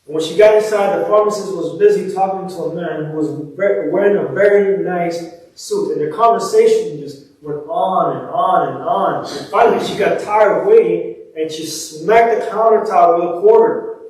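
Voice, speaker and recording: Brief: male preacher, slightly high, warm and mellow, storytelling sermon, roomy and distant. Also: moderate pace. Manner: animated, swells up then drops to soft near-whispers. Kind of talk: sermon with scripture reading and storytelling. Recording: echoey church room, distant mic.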